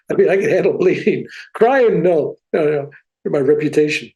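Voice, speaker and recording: A man with a gravelly, fry-edged voice recounts a story as a podcast guest. His delivery is casual and plain-spoken, and it stays animated throughout. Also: on the high side, brisk, poor audio.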